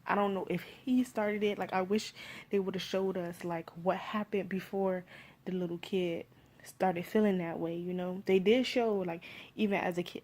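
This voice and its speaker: A woman with a Miami accent gives a casual spoken movie review. She rambles loosely, fills her talk with "like" and "you feel me", and gets animated when she retells scenes. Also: lowish voice.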